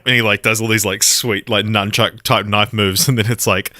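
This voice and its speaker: A man co-hosting a podcast, chatting casually and cutting in with quick quips. His voice sits on the low side but has a bright, forceful edge. The recording is dry and close. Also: fairly even intonation, dry recording. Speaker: podcast co-host.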